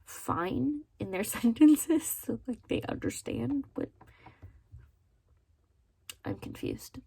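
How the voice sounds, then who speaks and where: A woman vlogger talking casually about books in a slightly breathy, husky voice. She is expressive and openly incredulous, with frequent laughter. The sound is close and dry. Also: mid-range voice, no room sound. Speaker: book vlogger. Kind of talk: casual video commentary.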